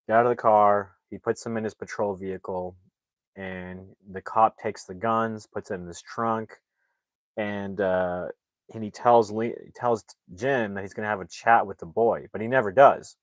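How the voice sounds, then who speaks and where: Male movie reviewer, lowish voice, casual rambling recap, dry close sound. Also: steady tone, normal speed, no room sound. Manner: rambling, heavy on fillers and restarts.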